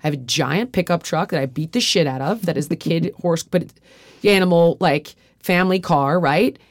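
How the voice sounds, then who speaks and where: A woman's voice: lowish voice, moderate pace, no echo, clean studio sound. A woman hosting a podcast, talking in a candid, rambling, profane way with frequent restarts. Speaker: podcast host. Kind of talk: casual podcast chat.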